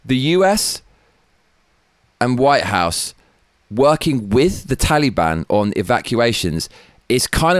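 Male host, mid-pitched, dry close sound; angry, sweary rant. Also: no echo. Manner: angry, profane, heated. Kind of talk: ranting political commentary.

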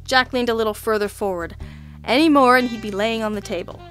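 A woman giving crisp, dryly amused first-person narration of a hard-boiled detective story. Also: on the high side, a little fast, fairly bright tone, soft background music. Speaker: audiobook narrator.

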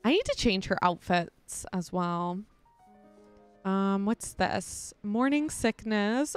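A woman's voice: mid-range voice, takes it slowly, smooth, faint music behind. A young woman chatting casually to viewers while playing a life-sim game, giggly and talkative. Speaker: gaming YouTuber. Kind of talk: casual let's-play commentary.

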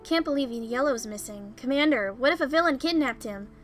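A woman voicing an energetic, cheerful teenage boy classmate while reading game dialogue aloud, loud and caring. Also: high voice, brisk, soft background music. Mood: alarmed.

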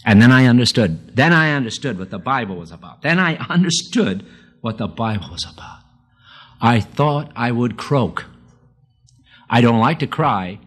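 An older man from the Northeast of the United States delivers a sermon at the pulpit in a folksy, plain-spoken way. He mixes self-deprecating asides with personal storytelling. His voice sits at an ordinary middle pitch but jumps high when he stresses a point. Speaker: preacher.

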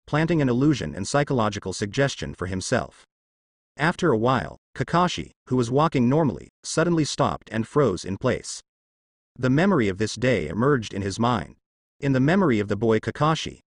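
A man narrating a translated web novel in an even, matter-of-fact reading voice. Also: mid-range voice, no room sound, clean studio sound.

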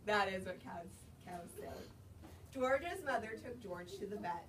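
A woman librarian reading a picture book aloud to young children at storytime, in an animated sing-song manner, asking them questions as she goes. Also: mid-range voice, measured pace. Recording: distant mic, noisy room. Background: children answering.

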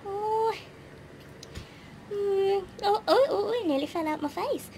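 A woman's voice: extremely high pitch, slow pace, warm tone, a little hiss or hum, exaggerated voice. A woman voicing a chatty young female pet dog, narrating her own doings in a chirpy, baby-ish way.

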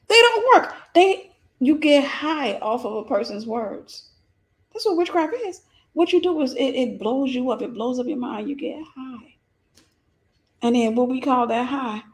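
A woman's voice: fairly high pitch, darkish tone. A woman with a Southern accent giving a preachy, informal Christian lesson on relationships, emphatic and repetitive with folksy jokes.

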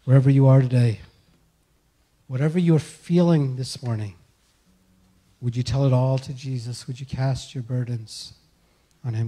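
A male pastor delivering a sermon, earnestly pleading with his listeners and letting his lines fall soft at the close. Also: medium pitch, fairly even intonation, moderate pace, long pauses. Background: soft guitar music.

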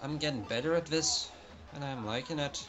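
A man's voice: fairly high pitch, normal speed. A young man commentating his own gameplay, frustrated, swearing and muttering to himself. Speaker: let's play host.

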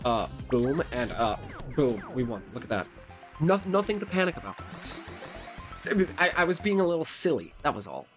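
Lively, playful man playing a game. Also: mid-range voice, moderate pace, soft background music. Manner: playful, talks to viewers, animated. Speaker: let's play host. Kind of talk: gameplay commentary.

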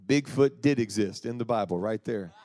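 A man preaching a sermon, retelling a story in an animated, folksy way and acting out the voices. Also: lowish voice, moderate pace, dry recording.

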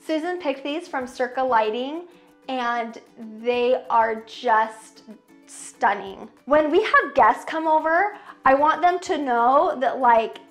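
Chatty woman with a fairly high voice. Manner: gushing, chatty, many fillers. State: tearful at times. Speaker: vlogger. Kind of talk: casual home tour. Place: inside a home.

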